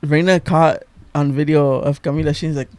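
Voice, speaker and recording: A man's voice: a little high, fairly even intonation, moderate pace, a little mellow, no echo. A man co-hosting a podcast, telling funny stories in a slangy, casual way and laughing a lot. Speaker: podcast co-host. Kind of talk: casual chat.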